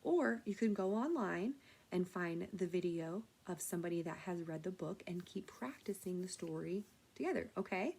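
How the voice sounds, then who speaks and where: A woman teaching a children's sign language lesson, speaking gently and patiently and explaining each step. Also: fairly low pitch, expressive, moderate pace, creaky, slight background noise.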